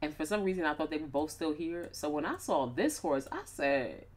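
A woman's voice: low voice, expressive, moderate pace, slight background noise. A young woman casually commenting on her life-sim gameplay with playful, slangy asides. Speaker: gaming YouTuber.

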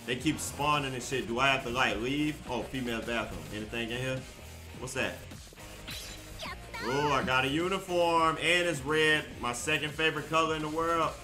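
A man giving casual gameplay commentary, loud, profane and excitable, joking with his viewers. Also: medium pitch. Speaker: gaming streamer. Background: game music.

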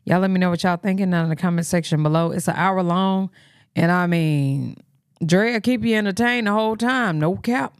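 Casting: lowish-voiced woman, blunt slangy reaction host, dry close mic. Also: fairly quick, smooth, no echo. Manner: blunt, slangy, with muttered asides. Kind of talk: casual reaction commentary.

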